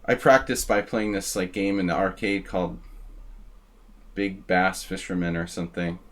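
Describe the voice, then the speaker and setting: A man's voice: sits low, steady tone, moderate pace. A man hosting a live chess stream, chatting casually and rambling as he thanks viewers by name.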